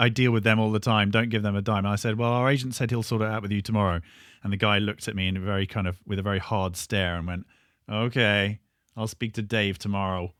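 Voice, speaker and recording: Relaxed man, dry close sound. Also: lowish voice, no echo. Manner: relaxed recollection with acted-out quotes. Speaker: band member co-hosting a podcast. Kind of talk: casual storytelling chat.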